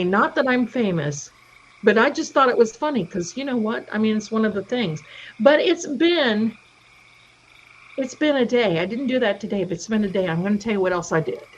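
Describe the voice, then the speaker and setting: A middle-aged woman runs a livestream of casual chat and stories, acting out the voices of those she quotes. She talks at a normal speed with long pauses, in a fairly high, animated voice, over dull lo-fi stream audio.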